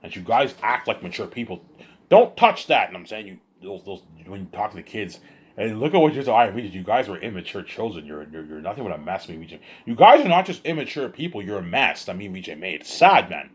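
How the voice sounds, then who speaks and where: A man's voice: sits low, fast talker, breathy edge. A tired man vlogging to his viewers in a rambling monologue, repeating himself, stumbling over restarts and swearing.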